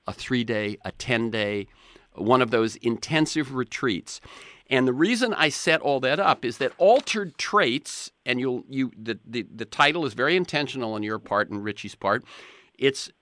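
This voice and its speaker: A man's voice: mid-range voice, sharp tone, no echo, studio quality. A man in his seventies hosting a podcast interview, telling stories in a rambling way with frequent restarts. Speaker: podcast host. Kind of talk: conversational interview.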